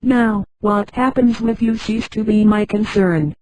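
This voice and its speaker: A computer-voiced woman reading the lines of a cool, businesslike older male patron, in a flat delivery. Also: medium pitch, a little slow, close to an everyday voice, low-quality recording.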